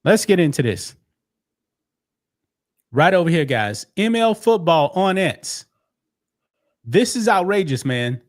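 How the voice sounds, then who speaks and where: A man's voice: sits high, very animated, slow, pauses often. A man giving opinionated video commentary, emphatic and peppering his talk with "man" and "folks". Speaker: commentator in a played clip.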